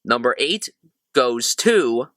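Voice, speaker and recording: A man's voice: medium pitch, very animated, slow pace, fairly bright tone, no echo. A man hosting a casual movie-review vlog, talking sarcastically and animatedly, with swearing, while squeezed into a cramped storage closet. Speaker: film reviewer, channel host.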